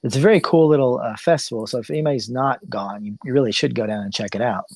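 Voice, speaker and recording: A man, co-hosting a casual podcast chat in a relaxed, rambling way. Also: mid-range voice, fast, no echo. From Tennessee. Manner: relaxed, rambling with fillers and restarts. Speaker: podcast co-host.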